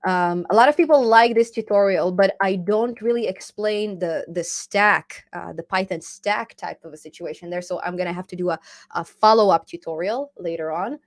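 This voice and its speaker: A woman hosting a casual live stream about programming. She is chatty and laughs often, reading viewer comments aloud and answering them in an easy, relaxed flow. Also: fairly low pitch, moderate pace. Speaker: programming channel host.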